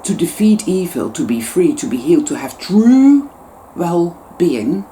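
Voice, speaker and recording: A woman with a low, mellow voice delivers an intense spiritual monologue to her channel. She swears freely and hammers words over and over for emphasis, swinging between soft murmurs and sharp outbursts. A faint hiss of noise sits under the recording. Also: very animated, measured pace. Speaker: YouTuber.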